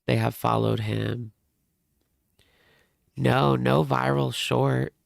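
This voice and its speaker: A man with a heavily gravelly, fry-laden voice hosts a reaction livestream, talking at an unhurried pace. He rambles and chats straight to his viewers. The sound is dry and close, with no room around it. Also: medium pitch, steady tone, no room sound. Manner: chatty, rambling, talks to viewers. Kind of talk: casual livestream chat.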